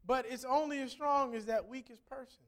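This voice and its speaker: A man's voice: extremely high pitch, normal speed. A middle-aged man preaching a sermon, telling a family story in a conversational way that builds to emphatic points. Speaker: pastor.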